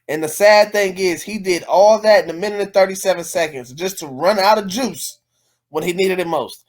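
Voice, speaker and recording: A man co-hosting a podcast, relaxed, chiming in with short comments and questions about a movie. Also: high voice, moderate pace. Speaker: podcast co-host. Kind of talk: casual movie recap chat.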